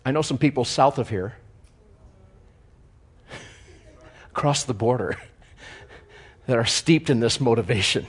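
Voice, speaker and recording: This sermon comes from a man with a mid-range, slightly rough voice who speaks a little slowly, with long pauses. He moves between loud emphasis and quiet jokes, chuckling at his own lines.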